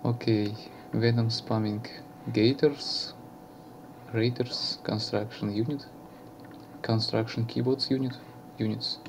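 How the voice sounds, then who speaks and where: A man from Russia with a Russian accent, commentating a strategy game match in halting English with many fillers and self-corrections. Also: mid-range voice, steady tone, noisy background.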